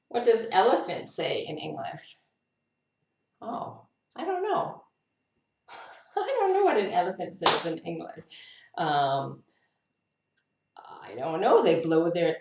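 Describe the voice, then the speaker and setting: A woman's voice: on the low side, big pitch swings, slow, vocal fry, pauses often, a little mellow. A woman teacher reading a picture book aloud to children, playfully making animal noises in a spontaneous, unrehearsed way. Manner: spontaneous and unrehearsed, with laughs and musing asides. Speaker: English teacher. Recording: roomy echo, voice from a distance.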